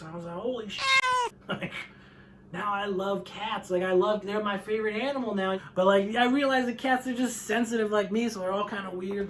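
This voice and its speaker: Bright-voiced man doing stand-up. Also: high voice, slight background noise. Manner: animated, acts out voices, laughs often. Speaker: stand-up comedian. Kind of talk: stand-up set.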